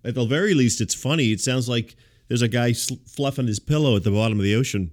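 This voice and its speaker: Deadpan calm male radio host. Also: medium pitch, quick pace. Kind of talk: comedic radio monologue.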